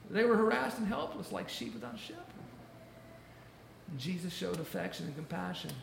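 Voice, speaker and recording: A man preaching a sermon, stressing key phrases by repeating them slowly. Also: sits high, big pitch swings, gravelly. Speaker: pastor. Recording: echoey room with faint noise.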